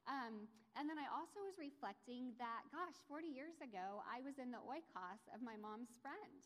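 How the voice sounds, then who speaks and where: Brief: woman, fairly high voice, earnest church testimony, hall reverb. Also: expressive, normal speed, a bit bright. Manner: earnest, teacherly, chatty with fillers. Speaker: church member sharing a testimony. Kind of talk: on-stage demonstration and testimony.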